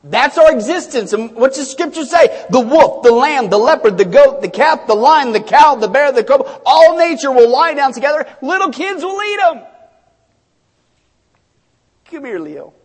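A man preaching a sermon as pastor, animated, swinging between sudden shouts and hushed asides, in a church sanctuary. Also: very high voice, moderate pace, few pauses, husky. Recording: long reverb of a large hall.

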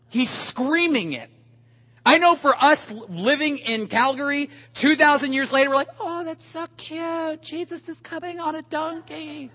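A man preaches with lively emphasis, his voice sitting high for a male speaker. He acts out little quotes as he builds his points. A long reverb trails behind every phrase, as in a large church. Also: slightly rough. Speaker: pastor. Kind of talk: sermon.

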